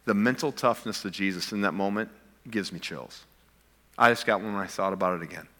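A man preaching from the pulpit with a bright, forceful tone that carries a long reverb through a large hall. He climbs to emphatic peaks, then drops into quiet intensity. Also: fairly low pitch, fairly quick. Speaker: pastor. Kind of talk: sermon.

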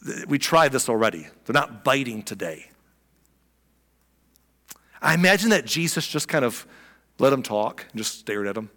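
Lively preacher in a reverberant hall. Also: male voice, mid-range voice, normal speed, pauses often. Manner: animated, conversational, exclaiming. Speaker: pastor. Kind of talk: sermon. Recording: long reverb of a large hall.

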